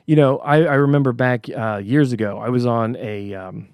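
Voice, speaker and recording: Middle-aged male podcast host, gravelly voice, casual storytelling monologue, dry close recording. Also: medium pitch, steady tone, normal speed, darkish tone, no room sound. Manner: conversational storytelling with frequent restarts.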